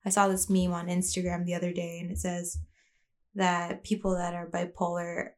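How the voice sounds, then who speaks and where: A woman's voice: lowish voice, monotone, moderate pace. A woman talking in a rambling, candid way, as a vlogger sharing a personal rant. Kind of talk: casual confessional monologue.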